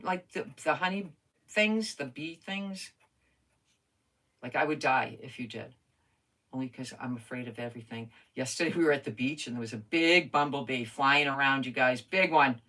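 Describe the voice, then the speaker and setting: Older lady crafting live, low voice but bright, chatty, reads comments out loud. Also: moderate pace. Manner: chatty, self-talking while crafting, reads viewer comments. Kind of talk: casual live craft chat.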